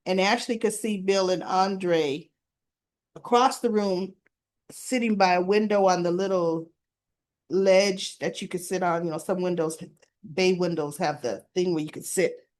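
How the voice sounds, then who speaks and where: Slow-talking woman recapping a soap. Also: fairly low pitch, fairly even intonation, darkish tone. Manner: chatty storytelling, retelling scenes with quoted dialogue; addresses viewers informally. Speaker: soap opera recap vlogger. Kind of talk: casual spoken episode recap.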